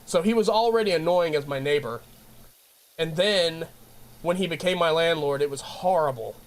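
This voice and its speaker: Streamer guy ranting to chat, kinda high voice, rambles and restarts a lot. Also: normal speed. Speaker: game streamer. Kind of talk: casual chat with stream viewers.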